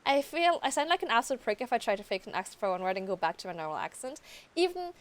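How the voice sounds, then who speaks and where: A woman's voice: a little high, big pitch swings, fast. A woman streamer whose first language is French, chatting casually and rambling over a game she is playing. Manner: chatty, rambling, laughs easily. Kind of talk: casual gameplay commentary.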